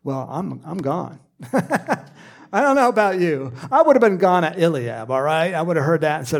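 A man's voice: a little high, expressive, brisk, gravelly. A man preaching a conversational sermon, acting out quoted lines and dropping at times to a whisper. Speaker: pastor.

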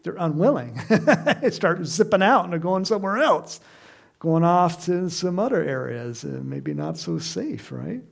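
Slow, gravelly male preacher. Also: high-pitched, sing-song. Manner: conversational, asks the congregation questions, laughs. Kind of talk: sermon.

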